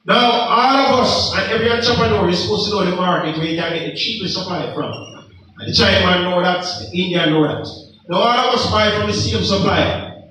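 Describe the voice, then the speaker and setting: A Jamaican man speaks with a high, emphatic voice and lectures young people through rhetorical questions. He sounds far from the mic, and the room echoes heavily. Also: brisk, bright, forceful tone, a little hiss or hum. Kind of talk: impassioned motivational talk.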